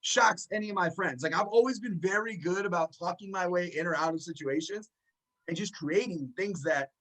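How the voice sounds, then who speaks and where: A man's voice: high-pitched, normal speed, rough recording. A man, a podcast guest, telling a story in a casual chat and acting out the voices of people in it. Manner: animated, acts out the voices of people in his story.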